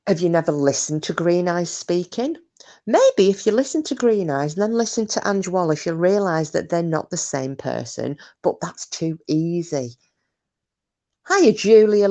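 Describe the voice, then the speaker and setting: A woman's voice: on the low side, lively intonation, moderate pace, warm tone. A woman hosting a live stream, chatting casually, reading out comments and talking bluntly with plenty of swearing. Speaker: livestream host.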